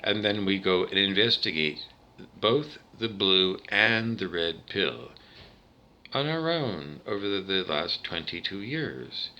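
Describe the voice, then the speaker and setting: A man's voice: deep voice, animated, slow, sharp tone, highs cut off. A man from Canada talking alone to camera in a rambling, digressive monologue full of tangents and restarts. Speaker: vlogger.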